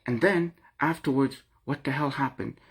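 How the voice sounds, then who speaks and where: Speaking at a normal speed in a mid-range voice with a breathy edge, this middle-aged vlogger shares a personal, confessional story straight to camera. His delivery is earnest and emotional, and he rambles, often restarting and repeating himself.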